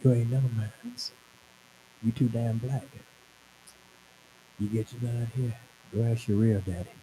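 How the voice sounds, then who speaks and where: A man's voice: mid-range voice, fairly even intonation, a little slow, dark tone, slight background noise, voice pushed down, lightly acted, poor audio. A man preaching, briefly putting on a cruel middle-aged father who talks in a blunt, dismissive way. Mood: scornful. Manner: blunt, scornful.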